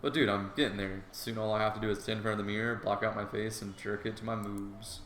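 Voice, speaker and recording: A man's voice: on the low side, steady tone, fast talker, slight background noise, lightly acted. A man voicing a crude teasing teen guy. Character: brash crude teenage male animal. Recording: echoey room, soft guitar music.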